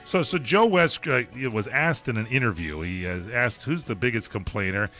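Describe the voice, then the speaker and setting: A man's voice: medium pitch, animated, normal speed, pushed and bright, faint music behind. An older man co-hosting a casual sports radio show, telling stories loosely with lots of fillers. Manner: rambling, filler-heavy storytelling.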